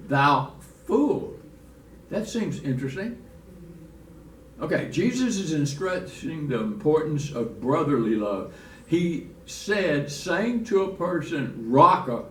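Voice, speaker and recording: A man teaching a church Bible lesson in a folksy, restarting way, reading scripture aloud. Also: a little high. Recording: echoey room from far off, faint noise.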